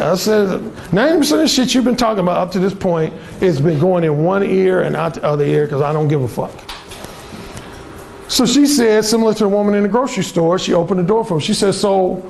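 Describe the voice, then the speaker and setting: Speaking a little fast in a high, gravelly, darkish voice with lively intonation, a dating coach tells stories to a small room at a live seminar. He's blunt and profane and voices other people's lines, and there's a slight hiss or hum on the audio.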